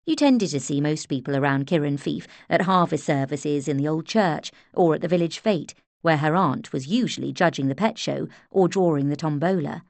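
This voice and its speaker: A woman narrating an audiobook in a measured, expressive storytelling manner. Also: low voice, gravelly, no echo. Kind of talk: scripted narration.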